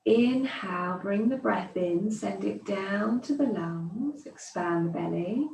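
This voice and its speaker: A woman teaching yoga, guiding slow breathing with calm, soothing counting cues. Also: medium pitch, creaky, a little hiss or hum. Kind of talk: guided breathing instruction. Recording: echoey room, distant mic.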